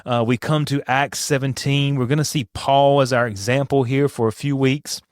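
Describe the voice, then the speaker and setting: A man's voice: mid-range voice, fairly even intonation, normal speed, no room sound, clean studio sound. A man hosting a devotional podcast, teaching in an earnest, emphatic way and putting rhetorical questions to his listeners. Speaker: podcast host and Bible teacher.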